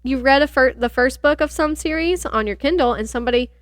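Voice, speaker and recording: A woman's voice: high-pitched, fairly quick, no room sound, clean studio sound. A young woman co-hosting a podcast, chatting casually and rambling, laughing often. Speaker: podcast co-host. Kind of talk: casual chat.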